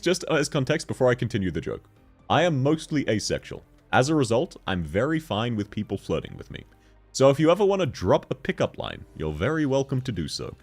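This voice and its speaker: A young man chatting casually on a game livestream, joking, laughing often and reading chat messages aloud. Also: fairly low pitch. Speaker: streamer.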